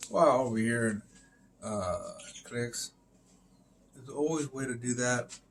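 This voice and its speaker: Male streamer, middle pitch, loose filler-heavy rambling with curses, light background noise. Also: a little slow. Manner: rambling, filler-heavy, swears, emphatic "boom" interjections. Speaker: live stream host. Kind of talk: casual rambling monologue.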